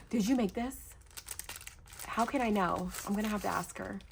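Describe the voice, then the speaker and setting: A woman's voice: mid-range voice, moderate pace, creaky, a little hiss or hum. A middle-aged woman vlogging a craft-mail unboxing, gushing and exclamatory as she talks to her viewers. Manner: gushing, exclamatory, addresses viewers as "you guys". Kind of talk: excited unboxing chat.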